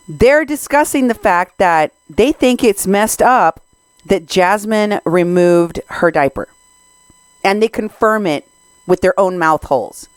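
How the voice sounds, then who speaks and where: With a medium-pitched voice in a dry recording, a Mexican American woman hosts a podcast and comments on recorded clips, sounding indignant and sarcastic.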